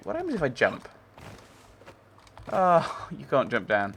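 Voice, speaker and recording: A man talks through a video game in loose, chatty commentary, musing aloud to himself. His voice has a gravelly edge and sits at a middle pitch. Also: huge pitch swings, unhurried, a bit bright, a little hiss or hum. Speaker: game player. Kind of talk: casual gameplay commentary.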